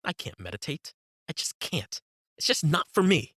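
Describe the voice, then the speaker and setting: A man's voice: on the high side, very animated, moderate pace, fairly bright tone, dry recording, studio quality, pitched above the performer's own voice. A man putting on a scornful, irritable inner critic who complains in an exasperated voice.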